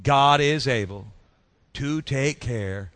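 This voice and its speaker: A man preaching a sermon as pastor, in a rhythmic style that drops soft at phrase ends and leads the congregation in repeating lines. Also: mid-range voice, slow pace, dry recording. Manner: leads congregation in call-and-response.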